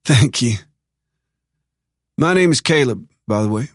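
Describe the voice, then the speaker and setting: A man doing a slow, calm Texan preacher. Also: mid-range voice, dry recording, clean studio sound, pitched above the performer's own voice, natural voice. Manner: slow, measured, drawn-out vowels.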